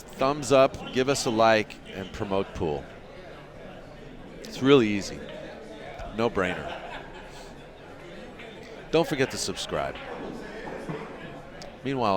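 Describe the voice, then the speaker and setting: A man commentating a pool match live in a loose, chatty way. His pitch swings around a lot as he talks, and he keeps bantering with the people watching. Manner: chatty, joking with viewers, laughs often. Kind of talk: casual live play-by-play commentary.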